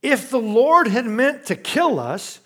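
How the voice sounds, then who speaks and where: A man preaching, voicing a calm wife who slowly soothes and reasons with her frightened husband. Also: very high voice, pitched above the performer's own voice, heavily acted. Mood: soothing. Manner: slow and coaxing.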